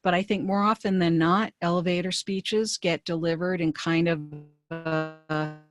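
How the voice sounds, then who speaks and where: A woman career coach talks through a webinar on a computer mic. Her voice sits low and sounds close and dry. She speaks briskly and conversationally, with plenty of fillers and restarts. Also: fairly even intonation, dry recording. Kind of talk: webinar presentation.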